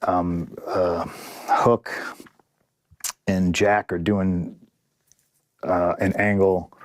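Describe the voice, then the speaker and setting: A man's voice: low voice, flat delivery, very slow, background noise. A man in a casual podcast interview, telling a story in a profane, vivid way and acting out what others said. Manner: profane, vivid, acts out dialogue. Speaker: podcast guest, pro wrestler.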